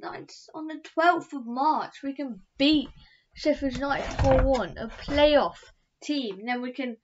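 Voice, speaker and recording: A woman's voice: sits high, slight background noise. A woman giving a fan's match review vlog, ranting in frustration and repeating herself. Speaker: football fan reviewer. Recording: dull lo-fi recording.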